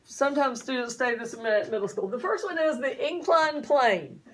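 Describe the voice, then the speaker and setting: A woman's voice: sits high, expressive, moderate pace. A woman teacher giving a chatty classroom lecture, often asking her students questions.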